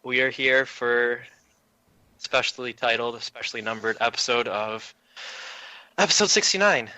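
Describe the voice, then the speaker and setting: A man's voice: mid-range voice, unhurried, sharp tone, no echo, rough recording. A man hosting a casual podcast chat, upbeat and jokey, telling loose stories on a close mic. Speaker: podcast host.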